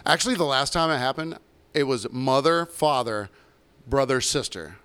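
Bartender co-host, man, clear rich tone, swears freely, loose storytelling. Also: medium pitch, normal speed, a bit bright. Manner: profane, rambling storytelling. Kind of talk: casual podcast chat.

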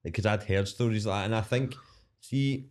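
Deep-voiced sweary Scottish man. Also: normal speed. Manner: sweary, rambling and candid. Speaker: guest comedian. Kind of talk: casual podcast chat.

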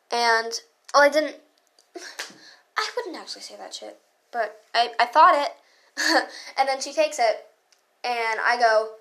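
Teen girl venting on her vlog, kinda high voice, sarcastic, swears a lot. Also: measured pace, pauses often, a bit bright. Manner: ranting, swearing, sarcastic, laughing. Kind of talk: casual storytime vlog.

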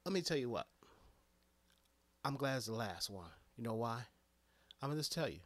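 A man who works as an EMT, ranting casually and profanely about a movie, swinging between hushed asides and loud outbursts. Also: mid-range voice, very animated, moderate pace, pauses often, dry recording. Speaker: EMT giving movie reactions. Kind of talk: casual rant to camera.

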